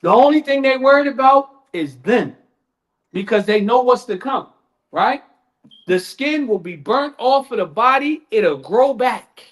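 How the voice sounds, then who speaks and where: Man, sermon, high voice, slangy, dramatic. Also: animated, unhurried. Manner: casual street talk, dramatic, acts out voices. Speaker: lecturer.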